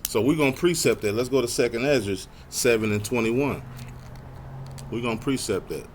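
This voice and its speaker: A man teaching a Bible lesson in a casual way. He reads verses slowly and clearly, then comments in loose everyday speech full of "man" and "y'all". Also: mid-range voice, a little hiss or hum.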